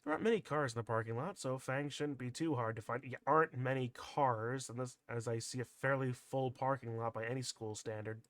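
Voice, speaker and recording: A man's voice: mid-range voice, fairly even intonation, brisk, few pauses, fairly bright tone, dry recording. A man streaming a visual novel, reading it aloud and dropping sardonic, wry asides.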